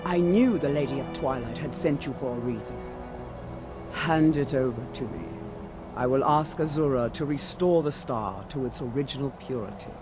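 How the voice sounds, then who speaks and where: A man's voice: medium pitch, normal speed, lightly acted. A man voicing a devout priest who serves a goddess in a game, speaking in a reverent, formal way. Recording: game audio with loud music.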